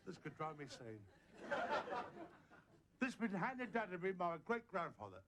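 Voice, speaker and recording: A man's voice: high voice, very animated, moderate pace, long pauses. Bumbling comedian giggling through his patter. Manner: bumbling, giggling at his own jokes, mock-exasperated. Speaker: stage comedian and magician. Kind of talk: comic stage patter with an audience. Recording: old TV recording with loud background noise. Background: audience laughter.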